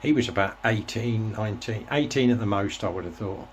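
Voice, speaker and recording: A man's voice: fairly low pitch, brisk, slight background noise. Rambling man in his sixties. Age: 60s. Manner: rambling, reflective storytelling with restarts. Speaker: host. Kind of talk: casual reminiscing monologue.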